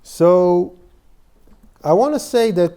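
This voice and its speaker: A man giving an informal workshop lecture on therapy, in halting, full of "you know" and restarts. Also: high-pitched, expressive, warm tone, clean tone. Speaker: psychotherapy lecturer. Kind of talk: workshop lecture with case stories.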